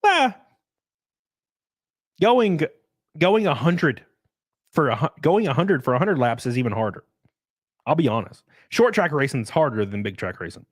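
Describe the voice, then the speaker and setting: A fairly high-voiced man rambles through a solo livestream, his pitch leaping up and down as he talks. He swears freely and slips into the voices of people he quotes. The sound is close and dry, with no room around it. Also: sing-song, normal speed, pauses often, no room sound. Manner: rambling, profane, acts out quoted people, laughs often. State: out of breath. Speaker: streamer. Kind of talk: casual livestream chat.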